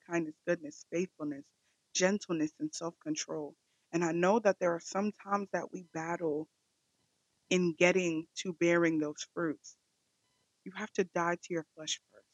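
A woman's voice: on the low side, fairly even intonation, measured pace, no room sound, muffled recording. A woman hosting a devotional podcast, speaking in a fervent, repetitive prayer cadence. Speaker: podcast host.

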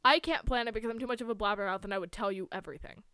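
Bright, clear-voiced woman reading and joking. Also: medium pitch, rapid-fire, no room sound, clean studio sound. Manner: playful, laughing, teasing. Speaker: podcast co-host reading a story aloud. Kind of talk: casual chat and story reading.

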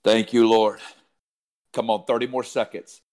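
A man leads a group in charismatic prayer, his voice fervent and insistent. Surges of loud exclamation give way to low, murmured tongues, all on a fairly level, unvaried pitch. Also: steady tone, a little slow. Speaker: prayer leader.

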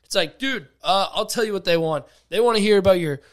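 A man's voice: high-pitched, fairly quick. A young man co-hosting a podcast in casual chat, joking and rambling, often trailing off. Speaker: podcast co-host.

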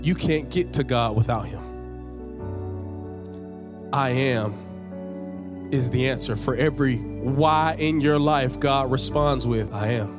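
A man preaching a sermon as pastor, repeating phrases and building to emphatic high peaks, sometimes dropping into casual slang. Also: moderate pace, hardly any pauses, over music. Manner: conversational, uses casual slang.

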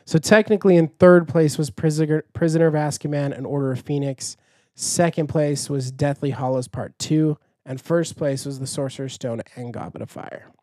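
A man's voice: a little high, moderate pace, a little mellow, no echo, clean studio sound. A young man hosting a podcast, chatting in a rambling, giggly way. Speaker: podcast host. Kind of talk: casual chat.

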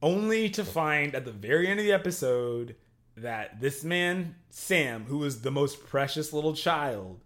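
Animated young man recapping a show. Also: a little high, measured pace. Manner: animated, exclamatory storytelling with slang. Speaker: podcast co-host. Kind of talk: casual chat.

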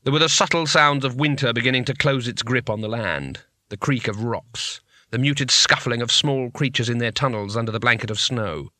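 A man's voice: mid-range voice, sharp tone, no room sound, studio quality. Man narrating a comic fantasy audiobook. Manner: wry, measured storytelling. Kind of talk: scripted narration.

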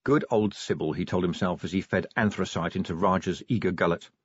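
A man's voice: low voice, a little fast, breathy edge, no room sound. A man narrating an audiobook in a wry, dramatic storytelling manner. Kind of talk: scripted narration. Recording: slightly dull dry studio recording.

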